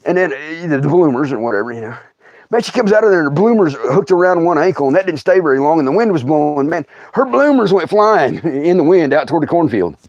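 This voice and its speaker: A man's voice: fairly high pitch, expressive, fast talker, darkish tone, muffled recording. Folksy man telling a laughing tale. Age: middle-aged. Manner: folksy, laughing often, acting out relatives' lines. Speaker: storyteller host. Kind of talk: comic storytelling livestream.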